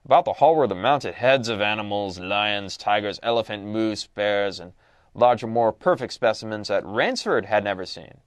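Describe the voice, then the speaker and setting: Reading passages aloud in a casual lesson recap, a man asks rhetorical questions and then answers them, all in a conversational way. His voice is on the low side, expressive and moderately paced, in a dry recording.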